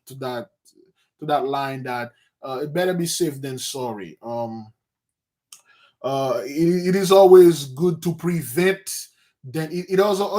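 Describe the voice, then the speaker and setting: A man leading an informal book study, telling the story with many restarts and asides. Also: on the high side. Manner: lively storytelling, acting out scenes. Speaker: study group teacher.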